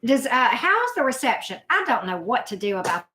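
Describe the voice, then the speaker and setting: A woman's voice: a little high, very animated, brisk, pushed and bright. Chatty woman greeting her chat. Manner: chatty, greets viewers by name, scattered and self-deprecating. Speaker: livestream host. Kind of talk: casual live chat.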